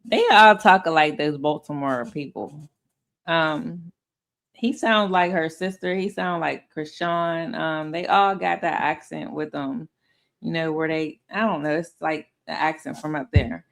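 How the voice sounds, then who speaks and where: A woman's voice: low voice, fairly even intonation, measured pace, vocal fry. A woman hosting casual commentary, blunt and profane, often laughing. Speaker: commentary host.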